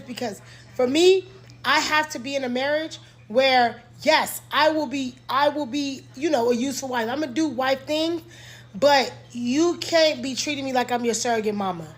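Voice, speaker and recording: A young woman with a high voice speaks her mind straight to the camera from her home. She is blunt and emphatic and hammers her points by repeating them. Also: fairly quick. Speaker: content creator. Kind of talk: candid monologue to camera.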